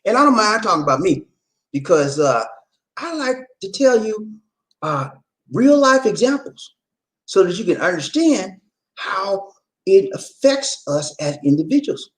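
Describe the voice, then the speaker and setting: A man delivers motivational relationship advice straight to his audience. His voice is animated, with a wide, lively pitch range, and his manner is preachy and insistent, with frequent check-ins. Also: unhurried. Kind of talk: motivational advice talk to viewers.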